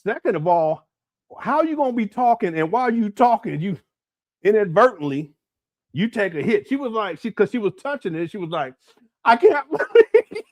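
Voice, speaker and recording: A giggly, rambling man hosts a casual livestream, talking with his chat in a high, very animated voice. He keeps laughing and breaking into bits of song. The sound is close and dry. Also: a little fast, dry recording. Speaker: livestream host. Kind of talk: casual live-chat commentary.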